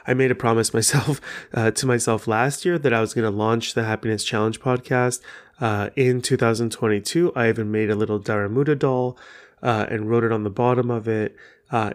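A man whose first language is Persian talks alone on his podcast in a loose, unscripted way, his voice sitting at a middle pitch. He swears often and without apology. He circles back on his points with plenty of "uh" and "like.". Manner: profane, frank, rambling with many fillers. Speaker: podcast host. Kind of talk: casual solo podcast talk.

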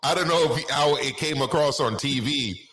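A man's voice: medium pitch, moderate pace, sharp tone, reverberant. A man co-hosting a casual boxing talk show, stretching names out in a sing-song way for emphasis.

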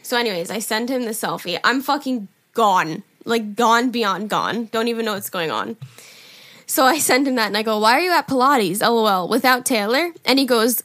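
Bright-voiced young woman telling stories. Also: moderate pace, no room sound, studio quality. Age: 20s. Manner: animated storyteller, acts out her drunk self in a loud high voice. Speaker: podcast co-host. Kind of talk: casual chat.

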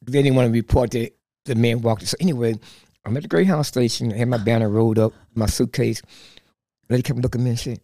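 Man telling a lively story. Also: mid-range voice, fast, dry recording, clean studio sound. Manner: acts out quoted voices, repeats words. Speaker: guest, street preacher. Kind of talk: animated storytelling.

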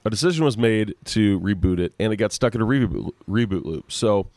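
Low-voiced man, groggy and rambling, dry remote call audio, casual podcast co-host. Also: lively intonation, brisk, a little mellow, no echo. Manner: rambling, sleepy, searching for words. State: just woken up. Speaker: podcast co-host and guitar effects artist. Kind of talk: casual chat. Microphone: joining over the internet.

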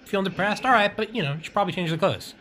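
A man's voice: sits high, lively intonation, rapid-fire, bright, forceful tone, slight background noise. A young man hosting a podcast in casual chat, rambling and swearing, laughing often. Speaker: podcast host.

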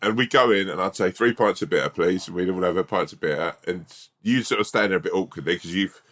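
Man, very low voice, podcast co-host, rambling storyteller, casual. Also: quick pace, fairly bright tone. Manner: rambling anecdotes, laughing at his own stories. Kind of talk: casual chat.

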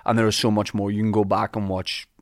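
A man's voice: on the low side, little pitch movement, quick pace. A Northern Irish man co-hosting a podcast, chatting casually, telling stories and laughing often. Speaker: podcast co-host. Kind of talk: casual chat.

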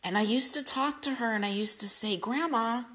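A woman's voice: mid-range voice, a little fast, fairly bright tone. A woman vlogger telling a candid personal story, talking straight to her viewers. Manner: candid, confiding, addresses viewers directly.

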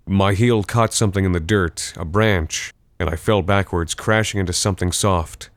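Deep, smooth male horror narrator. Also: no room sound. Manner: measured, tense first-person storytelling.

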